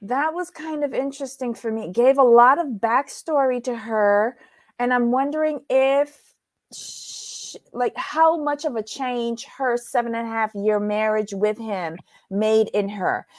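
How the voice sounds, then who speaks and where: A woman's voice: on the high side, fairly even intonation, unhurried, dry recording. A woman co-hosting a casual recap chat, rambling with fillers and restarts as she goes through her takeaways. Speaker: podcast co-host.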